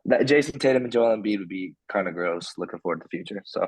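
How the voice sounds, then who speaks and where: Young guy podcast cohost, talks fast, low-ish voice, gets worked up arguing draft picks. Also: slightly rough, no echo. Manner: fast, excitable, argues picks. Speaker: podcast co-host. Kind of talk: casual sports debate.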